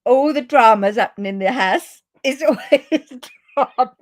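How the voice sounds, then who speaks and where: A woman's voice: high-pitched, moderate pace. A woman in her fifties hosting a live papercraft stream, chatting casually and constantly breaking into giggles. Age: 50s. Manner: giggly, keeps breaking into laughter and apologizing. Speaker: papercraft livestream host. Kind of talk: casual live crafting chat.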